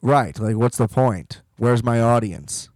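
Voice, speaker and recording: A man hosting a podcast in casual chat, rambling and animated, swearing freely. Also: mid-range voice, slow pace, no room sound, poor audio. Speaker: podcast host.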